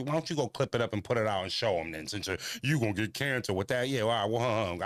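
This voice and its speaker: A man chats casually while out on a walk, blunt and full of profanity, stumbling through fillers and repeating himself as he answers his viewers. His voice sits in an ordinary middle pitch. The sound is dry, with almost no room around it. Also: animated, brisk, fairly bright tone, no echo. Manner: talks back to viewer comments. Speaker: channel host. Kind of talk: casual walking livestream chat.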